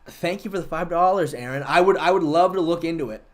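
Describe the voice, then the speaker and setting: A man's voice: fairly high pitch, fast. A man hosting a livestream, chatting casually and argumentatively with viewers and swearing freely. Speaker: livestream host.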